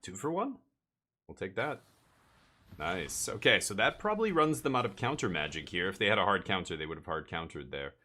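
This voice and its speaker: A man's voice: low voice, very animated, fairly quick, pushed and bright. A man streaming a card game live, thinking aloud and muttering his plays as he goes.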